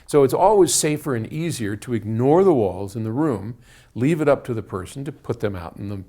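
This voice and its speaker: A man explains things casually in an indoor room, speaking at an ordinary middle pitch. His talk is conversational and loose, full of restarts and repeated words. A single room microphone picks him up. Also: darkish tone. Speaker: audio company head answering viewer questions. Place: indoor room, moving toward and away from a wall.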